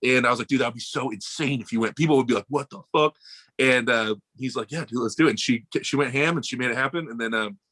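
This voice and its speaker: A young American man telling stories in a casual podcast chat, animated and swearing, acting out the people he quotes. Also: medium pitch, quick pace, few pauses, no echo. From United States. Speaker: podcast guest.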